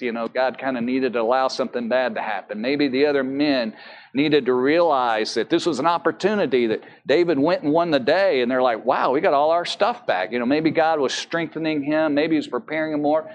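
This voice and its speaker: A man's voice: fairly high pitch, highs cut off, slight background noise. A man preaching a sermon as pastor, talking earnestly and conversationally with rhetorical questions, with an American accent.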